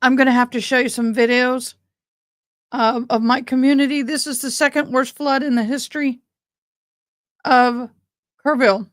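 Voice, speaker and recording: A woman's voice: sits high, steady tone, moderate pace, pauses often, no echo. A woman hosting a live stream, shaken and tearful as she talks to her viewers. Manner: shaken and tearful, keeps addressing viewers as y'all. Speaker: livestream host. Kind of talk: emotional live commentary.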